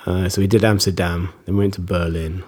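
A man's voice: low-pitched, little pitch movement, brisk, darkish tone, slightly rough. A man, chatting casually and telling rambling stories with frequent laughs. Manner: rambling storyteller, laughs often. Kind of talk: casual conversation.

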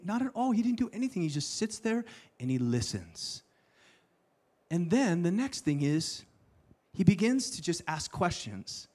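A man preaching a sermon, telling the story with playful asides and sudden hushed lines. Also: a little high, animated, moderate pace. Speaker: pastor.

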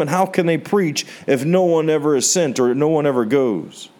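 A man's voice: a little high, moderate pace, hardly any pauses, darkish tone. An American man preaching a sermon, telling a personal testimony in an earnest storytelling way, his voice rising on rhetorical questions. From United States. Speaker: pastor.

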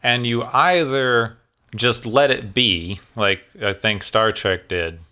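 A man co-hosting a casual discussion, opinionated and emphatic, with quick dismissive asides. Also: mid-range voice, sharp tone.

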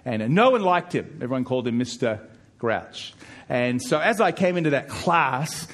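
Here a middle-aged pastor preaches emphatically, his repeated words climbing louder and higher whenever he stresses a point. He is expressive and keeps a moderate pace.

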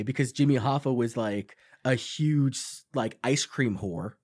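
A young man from Long Island, co-hosting a casual podcast chat, animated and swearing freely while acting out quotes. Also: medium pitch, normal speed, few pauses. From Long Island, New York. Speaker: podcast co-host.

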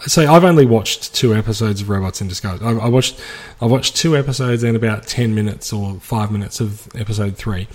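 A man's voice: on the low side, fairly quick, few pauses, darkish tone. A man co-hosting a casual podcast chat from home, hedging often and laughing easily. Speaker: podcast co-host. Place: home apartment.

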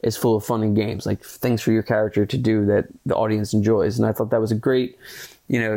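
A man hosting a podcast and reviewing a film in casual solo chat, rambling with lots of fillers, earnest and excitable, swearing casually. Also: on the low side, gravelly.

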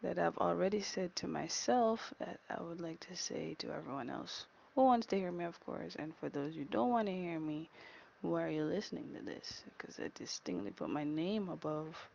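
Sassy woman with vocal fry. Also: on the low side, expressive, moderate pace, a little mellow, dull audio, slight background noise. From Jamaica. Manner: sassy, teasing, chatty with playful jabs. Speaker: podcast host. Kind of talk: casual solo podcast monologue.

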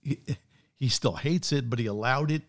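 A male pastor talks in an even, mid-range voice. He is earnest and measured, and sometimes reads aloud from prepared notes in a sincere tone. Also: mid-range voice. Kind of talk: casual chat.

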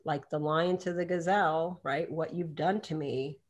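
A woman with a somewhat low voice tells a story in a relaxed interview. She acts out the quotes in lively bursts and laughs often as she talks. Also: moderate pace. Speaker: doctor and podcast guest.

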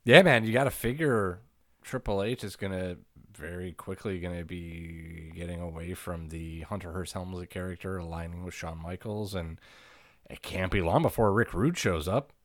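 A man co-hosting a casual talk show, relaxed and quick to laugh. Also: deep voice, no echo, clean studio sound. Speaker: podcast co-host. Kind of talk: casual chat.

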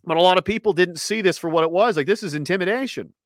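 A man's voice: high-pitched, fast, no room sound. A man, a guest in a casual chat, telling stories with energy and mocking other people's words in put-on voices. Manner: animated storytelling, mocking voices in quotes.

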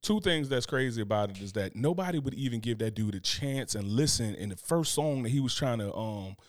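A man's voice: mid-range voice, expressive, a little fast, dry recording, studio quality. A man co-hosting a podcast, chatting casually with a laid-back, slangy storytelling manner. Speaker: podcast co-host. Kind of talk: casual chat.

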